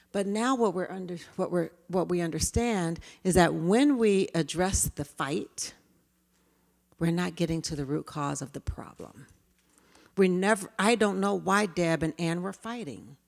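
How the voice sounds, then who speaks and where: Woman, gravelly low voice, talk to teachers, acts out classroom dialogue. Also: in a large hall. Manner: frequent "um" fillers. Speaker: speaker at an education event. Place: lecture venue.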